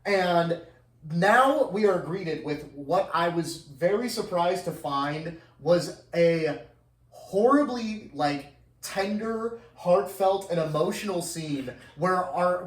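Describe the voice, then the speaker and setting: A man's voice: high-pitched, expressive, slow. A man hosting a casual podcast, recapping a film in a rambling way, with lots of fillers and swearing. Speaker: podcast host. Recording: echoey room, far from mic.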